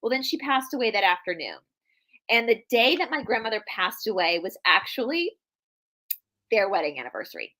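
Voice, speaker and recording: A woman's voice: on the high side, very animated, fairly quick, bright, forceful tone. A young woman co-hosting a live video call, telling a personal family story in an earnest, chatty way, with frequent restarts. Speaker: podcast co-host. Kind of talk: casual live-stream chat.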